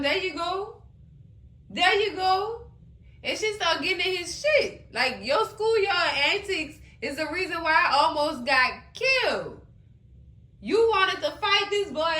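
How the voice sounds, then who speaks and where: A woman hosting a casual TV recap, animated and exclaiming as she retells the episode. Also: very high voice, unhurried, echoey room. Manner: animated, exclaiming and laughing between comments. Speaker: TV recap host.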